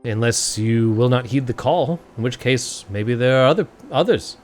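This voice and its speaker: A man's voice: medium pitch, normal speed, a little mellow, soft background music. A man running a tabletop game as game master, narrating and laughing often.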